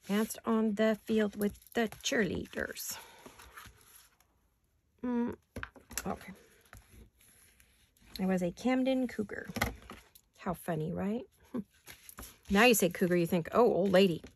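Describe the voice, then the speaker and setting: In her home craft studio, a middle-aged woman who makes craft vlogs speaks in a gravelly, medium-pitched voice against slight background noise. Hiccups interrupt her casual chatter as she crafts, musing aloud and laughing a lot.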